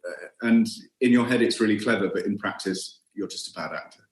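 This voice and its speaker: A man's voice: fairly low pitch, a little fast, faint music behind. A middle-aged British man, a guest actor, chatting casually in a wry, self-deprecating way. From Britain. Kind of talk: casual podcast chat. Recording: roomy echo.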